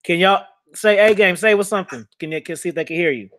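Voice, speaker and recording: A man's voice: sits high, fast, fairly bright tone. A man hosting a casual livestream chat, swearing and venting his frustration at the audience. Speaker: host.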